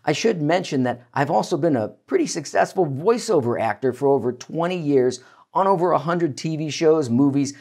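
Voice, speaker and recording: An energetic male voice coach leads a warm-up lesson, his pitch swinging widely as he explains and demonstrates. He talks straight to his listener with an encouraging, hands-on manner. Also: moderate pace. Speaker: voice coach and keynote speaker. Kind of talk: instructional talk to camera.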